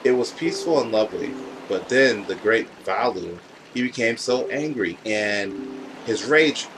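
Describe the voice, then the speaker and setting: A man's voice: on the low side, expressive, measured pace, far from the mic, background noise. A man reading as an earnest young attendant girl. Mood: pleading. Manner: pleading, storytelling. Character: earnest young female bird-folk attendant. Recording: game music underneath.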